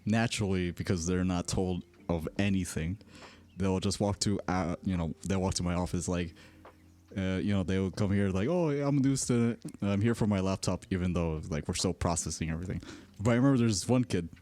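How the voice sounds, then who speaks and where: A man's voice: sits low, fairly even intonation, a little fast, darkish tone. A man streaming in casual chat, telling rambling stories and laughing often. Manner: rambling, self-correcting storyteller.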